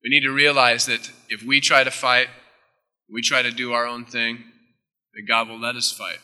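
A man preaching a sermon as pastor, emphatic, with sudden drops into soft, close asides. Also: medium pitch, little pitch movement, moderate pace, clear, resonant tone, big-room sound.

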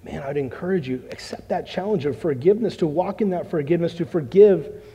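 A man shares his testimony in a church hall, acting out what people said as he tells the story. His voice sits a little high yet sounds mellow and dark-toned, and he clears his throat often. A long reverb from the big room trails behind every line. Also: a little fast, lo-fi sound. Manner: animated storytelling with acted-out quotes. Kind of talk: spoken testimony. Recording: long echo of a large hall.

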